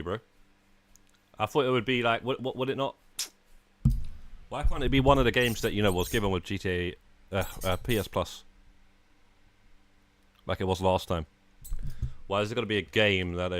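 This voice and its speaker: A man with a low voice talks casually to viewers while he streams a game. He drifts from thought to thought, filling gaps with "uh" and calling people "man" and "mate". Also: fairly quick, pauses often, fairly bright tone. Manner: chatty, frequent "uh" and "man", talking to chat while playing. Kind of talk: casual live-stream chat.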